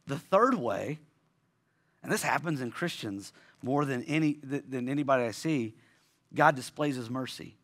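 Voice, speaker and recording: A pastor preaching a sermon in a conversational way, restarting phrases often and asking rhetorical questions. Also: male voice, medium pitch, expressive, normal speed, fairly bright tone.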